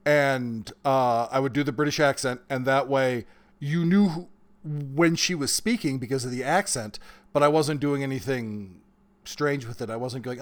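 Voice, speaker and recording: A man in his forties, an author talking as a guest in a casual interview, animated and quick to laugh. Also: mid-range voice. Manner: animated storyteller, bursts of laughter.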